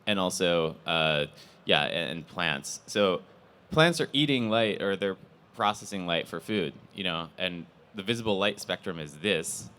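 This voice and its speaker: A man's voice: deep voice, lively intonation, measured pace, sharp tone, smooth. A man hosting a conference panel. He talks casually and rambles, with many restarts and fillers. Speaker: panel host.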